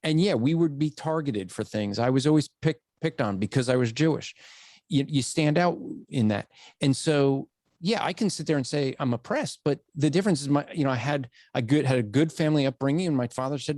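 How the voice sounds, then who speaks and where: A man's voice: mid-range voice, brisk, darkish tone, no echo, clean studio sound. A man hosting a podcast, talking earnestly in a casual interview and often restarting his sentences. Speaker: podcast host.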